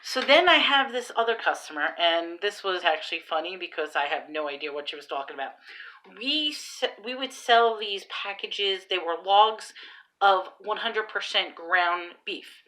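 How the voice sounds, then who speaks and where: A woman's voice: mid-range voice, lively intonation, moderate pace, bright, forceful tone. A woman who works in retail, casually telling a story about a customer mix-up in a chatty, amused, self-deprecating way. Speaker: retail worker.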